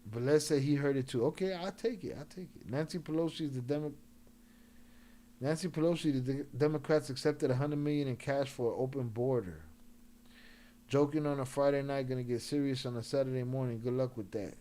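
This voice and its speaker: A man's voice: mid-range voice, fairly even intonation, brisk, mellow. A man hosting a live stream in loose, joking slang, laughing often, a few drinks in. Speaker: livestream host. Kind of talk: casual live-stream chat.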